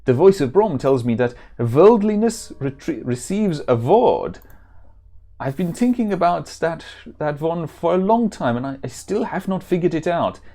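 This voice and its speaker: A man's voice: a little high, very animated, normal speed, warm tone, voice pushed up. A man voicing a stern, earnest adult male warrior with a put-on German accent and formal old-style speech.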